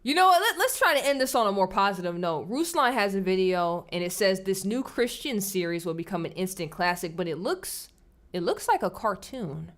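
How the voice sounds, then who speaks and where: A woman's voice: mid-range voice, expressive, moderate pace, a bit bright. A woman hosting a livestream in casual chat, chatty and laughing often, at times dropping to a whisper. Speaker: livestream host. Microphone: streaming setup at a desk with screens.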